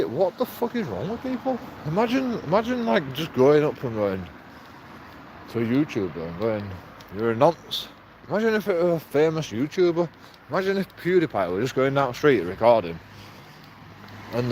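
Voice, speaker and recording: A man's voice: medium pitch, a little mellow, slight background noise. A man, rambling and swearing in a casual vlog monologue with frequent chuckles. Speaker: vlogger.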